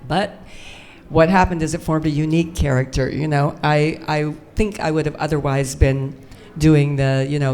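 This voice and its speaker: A woman's voice: deep voice, steady tone, normal speed, darkish tone. An older woman telling anecdotes as a guest on a convention panel, chatty and self-mocking. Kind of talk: storytelling on a fan panel. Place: convention stage before a live audience.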